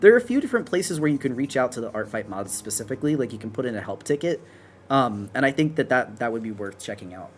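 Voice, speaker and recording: Chatty male streamer, mid pitch. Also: very animated, quick pace, soft background music. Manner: rambling, chatty, self-correcting. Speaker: streamer and artist. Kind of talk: casual live-stream chat while drawing.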